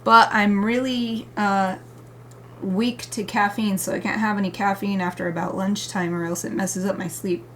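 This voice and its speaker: A woman's voice: medium pitch, little pitch movement, normal speed, slight background noise. A woman artist live-streaming her drawing session, chatting casually with viewers and explaining each coloring step as she works. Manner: chatty and upbeat, greets viewers warmly, laughs often.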